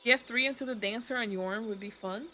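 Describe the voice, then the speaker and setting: A woman's voice: fairly high pitch, fairly quick, pushed and bright, a little hiss or hum. A woman, a Portuguese speaker, chatting casually on her stream and laughing often. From Brazil. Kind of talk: casual chat.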